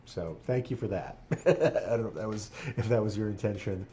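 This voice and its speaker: A man's voice: lowish voice, normal speed, mellow, slight background noise. A man rabbi chatting casually on a live stream while playing a game, earnest and moved, laughing often.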